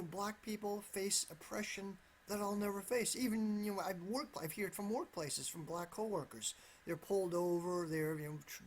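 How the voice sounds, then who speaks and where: A man talking through politics on his own, his thoughts winding and full of false starts. He keeps circling back to the same emphatic word and qualifies nearly everything he says. A faint hiss of noise sits under his voice. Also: high-pitched. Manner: rambling, with frequent restarts and repeated "absolutely"; careful, hedging tone. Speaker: political commentator. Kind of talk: solo political commentary.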